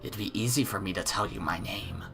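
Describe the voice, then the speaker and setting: A man voicing a creepy, mysterious young man who speaks softly, quietly and deliberately. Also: lowish voice, soft background music, pitched below the performer's own voice. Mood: menacing. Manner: soft, quiet, eerie, deliberate.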